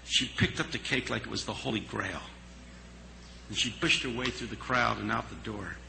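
A man telling a story in a sermon, earnest and dramatic, pausing for effect. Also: lowish voice, vocal fry, bright, forceful tone, a little hiss or hum, low-quality recording.

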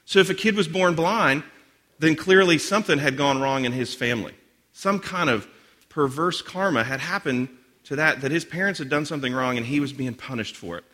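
A man's voice: a little high, a little fast, bright, forceful tone. Chatty, self-deprecating man preaching. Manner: chatty, self-deprecating, with many restarts and asides. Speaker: guest speaker. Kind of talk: sermon with personal stories.

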